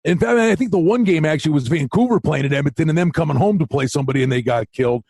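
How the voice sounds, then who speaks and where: Excitable man hosting a betting podcast. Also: fairly high pitch, rapid-fire, slightly rough, dry recording. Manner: excitable storyteller, animated retellings. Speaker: podcast co-host. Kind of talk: casual sports betting chat.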